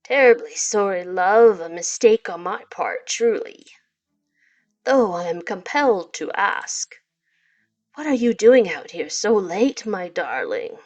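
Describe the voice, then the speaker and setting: A woman voicing a polite, doting stone monster man in a game read-through, with a put-on gravelly, formal way of talking. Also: mid-range voice, lively intonation, slow, soft background music. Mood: courtly. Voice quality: attempted gravelly stony voice. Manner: formal old-fashioned phrasing, apologetic.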